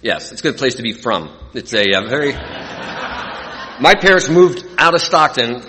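A middle-aged man from California giving an earnest, emotional personal testimony to an audience as a recovery speaker. He swings from hushed to lively. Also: mid-range voice, a little slow, a little hiss or hum. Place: hall with a live audience. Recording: long hall reverb.

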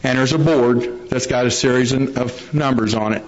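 A man's voice: medium pitch, steady tone, normal speed. A man telling his recovery story to a meeting, a folksy storyteller who acts out the quotes. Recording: dull lo-fi recording.

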